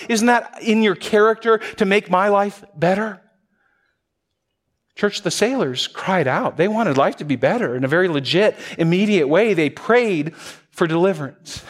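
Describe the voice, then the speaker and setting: A man preaching a sermon in a conversational way, often restarting phrases and chuckling as he addresses the congregation. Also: on the high side. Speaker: pastor.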